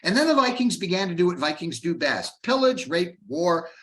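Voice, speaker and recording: A man's voice: high voice, big pitch swings, normal speed, a bit bright. A man giving an informal history lecture, chatty, with asides and rhetorical questions to his listeners. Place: Canada.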